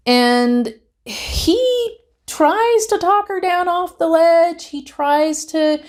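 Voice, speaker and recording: A woman's voice: very high-pitched, extremely slow, a little mellow. A woman reviewing a reality TV episode in a casual, chatty way. She grows emphatic and heated as she rants.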